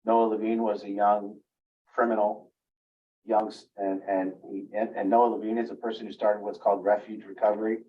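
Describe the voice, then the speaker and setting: Here a man who works as a family recovery coach talks parents through relationships in a flat delivery at normal speed, though he's earnest and slips into a higher pitch to voice what parents might say to themselves. He sounds far from the mic, with phone-quality audio.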